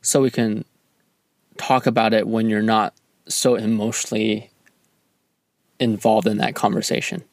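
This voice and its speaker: A man co-hosting a casual chat with his partner, talking in a calm, measured, easygoing way. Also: on the low side, no room sound, studio quality.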